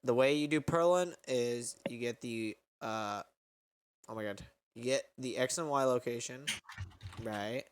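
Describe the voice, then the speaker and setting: A man's voice: mid-range voice, measured pace, clean tone. A young man hosting a casual stream from his bedroom on a headset, explaining his code in a loose, rambling way. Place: home bedroom.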